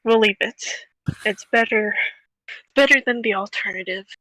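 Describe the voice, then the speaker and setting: A woman's voice: medium pitch, normal speed, pushed and bright, no room sound, poor audio. A woman playing in a tabletop game, teasing and dry. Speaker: player.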